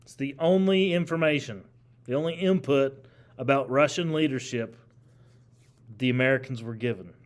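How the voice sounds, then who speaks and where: A man's voice: medium pitch, normal speed. A man teaching a history class, lecturing animatedly, asking the class questions and repeating key phrases.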